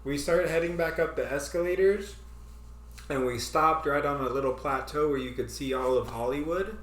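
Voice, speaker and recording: A man's voice: on the high side, normal speed, slight background noise. Laughing man telling a story in an echoey room. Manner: animated, laughing often, acts out his own panic. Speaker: podcast host. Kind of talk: casual storytelling chat.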